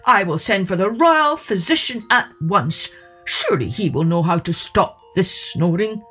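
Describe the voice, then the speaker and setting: A woman voicing a grumpy, blustering king in a storybook, loud and dismayed. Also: medium pitch, animated, a little slow, breathy edge, faint music behind. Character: grumpy blustering king, middle-aged man.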